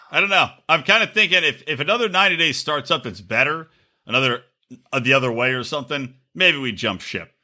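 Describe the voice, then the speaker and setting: A man's voice: a little high, expressive, a little fast, pushed and bright. A man co-hosting a podcast in casual, crude, jokey chat. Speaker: podcast co-host.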